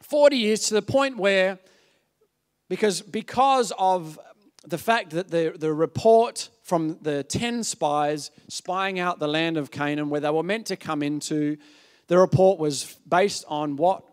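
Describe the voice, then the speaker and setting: A man preaching a sermon, telling a story in an animated way, acting out voices and often asking the audience "yeah?". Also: a little high, measured pace, clear, resonant tone.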